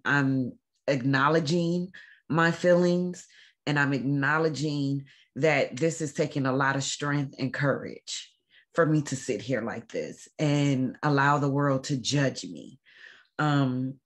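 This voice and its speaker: A woman hosting a faith-based talk to camera, speaking earnestly and haltingly, often pausing with "um" as she holds back tears. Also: extremely low pitch, fairly bright tone. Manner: earnest, emotional, halting with frequent ums. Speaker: show host.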